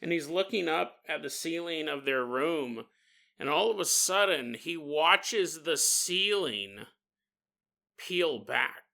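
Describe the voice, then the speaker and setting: A man's voice: fairly high pitch, animated, takes it slowly, creaky, sharp tone. A man hosting a podcast, telling a story casually with rambling, joking asides. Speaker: podcast host.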